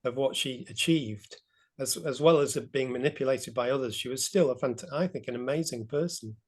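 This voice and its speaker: A man's voice: mid-range voice, normal speed, a little mellow. An older man, a grandfather, speaking thoughtfully and hesitantly in a casual video call chat. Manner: thoughtful, hesitant, repeats words. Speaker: discussion participant.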